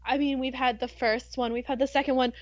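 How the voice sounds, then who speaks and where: Brief: American woman host, slightly high, playful history chat, muffled dry recording. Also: a little fast, no echo. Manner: giggly, animated storytelling with playful asides. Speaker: podcast host.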